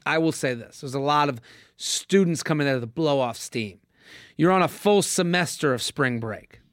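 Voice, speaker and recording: A man's voice: a little high, normal speed, a bit bright, no room sound, studio quality. A young adult man hosting a casual comedy podcast, telling stories and acting out the voices of people he quotes. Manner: storytelling, acts out voices in quotes. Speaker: podcast host.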